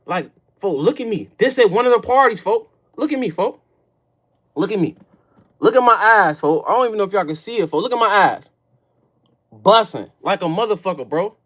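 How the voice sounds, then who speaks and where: A man with a Chicago accent tells a story to a live audience on his stream, speaking animatedly at a moderate pace. His talk is emphatic, profane street slang, with "folk" and "bro" dropped between phrases. He sinks into low, brooding murmurs, then erupts into loud outbursts.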